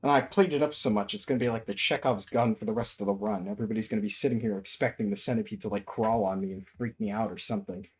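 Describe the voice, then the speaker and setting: A young woman streamer giving casual gameplay commentary at her home desk, swearing a lot and turning panicky and excitable. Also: a bass voice, fast talker, few pauses, slightly rough. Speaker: gaming streamer.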